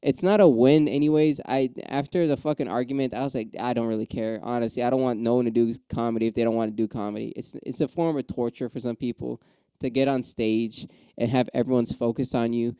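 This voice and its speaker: Brief: man rambling and cursing through a vlog rant, warm smooth tone, dull dry lo-fi recording. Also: medium pitch, brisk, dry recording. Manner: profane, rambling ranting with restarts; gets riled up then calms. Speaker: aspiring stand-up comedian. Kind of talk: casual monologue vlog.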